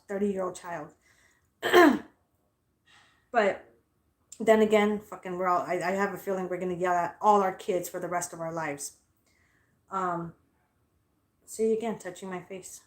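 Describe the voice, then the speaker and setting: A woman talks loosely and bluntly in a casual vlog, with plenty of swearing. She sounds loud and straightforward, and her pitch sits in the middle. The room around her is echoey. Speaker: vlogger.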